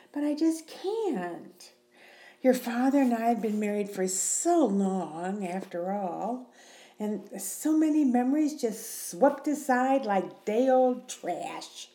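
A sentimental middle-aged widowed mother in an audio role-play, acted by a woman, who sighs and teases between lines. Her voice is mellow and dark in tone. She talks slowly and unhurriedly. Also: sits high, reverberant, exaggerated voice. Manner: sighing, sentimental, teasing.

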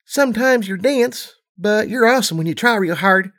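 A man voicing a young filly pony, earnest and blunt, with a high girlish voice and folksy slang in a storybook reading. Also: animated, normal speed, a bit bright.

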